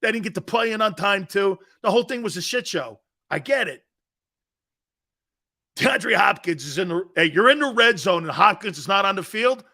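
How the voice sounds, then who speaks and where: A brash sports talk host rants in a loud, mocking style. His voice sits high for a man and has a bright, cutting edge. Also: expressive, moderate pace.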